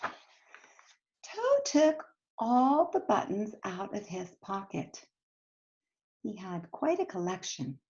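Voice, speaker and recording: A woman teacher reading a storybook aloud to children, expressive and speaking to them directly. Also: mid-range voice, takes it slowly, long pauses, slight background noise. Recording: dull lo-fi recording.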